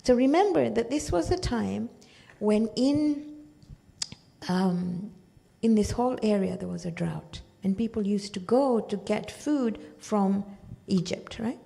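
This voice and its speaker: A woman's voice: medium pitch, measured pace, creaky, dark tone. A woman teaching a religious study class, explaining verses through storytelling and often checking in with her listeners.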